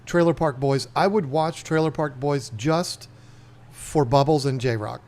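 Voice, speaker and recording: A man's voice: fairly high pitch, unhurried. A man from Northern Virginia hosting a podcast, chatting casually and laughing often. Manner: animated storyteller, laughs often, slips into voices. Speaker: podcast host. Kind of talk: casual livestream chat.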